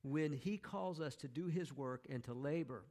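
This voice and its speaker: A man's voice: a little high, normal speed, warm tone. A man preaching a sermon as pastor, conversational, with joking asides to the congregation.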